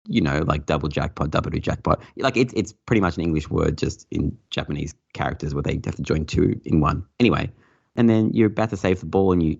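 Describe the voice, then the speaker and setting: A man's voice: a bass voice, vocal fry, no room sound, highs cut off. A man guesting on a casual podcast, rambling and swearing freely, laughing often. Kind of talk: casual chat.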